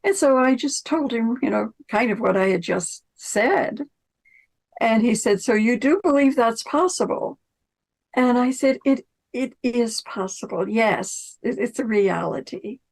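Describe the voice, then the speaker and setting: A woman's voice: mid-range voice, gravelly, poor audio. A woman telling a personal story in a chatty, anecdotal way, acting out the dialogue she recounts. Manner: acts out quoted dialogue in conversation. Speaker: storyteller recounting a spiritual experience.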